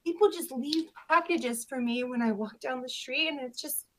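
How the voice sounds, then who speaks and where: A woman playing a naive, sheltered newcomer in witness protection, speaking in a halting, wide-eyed way over a video call. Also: high voice, fairly bright tone, a little hiss or hum. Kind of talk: improv comedy character.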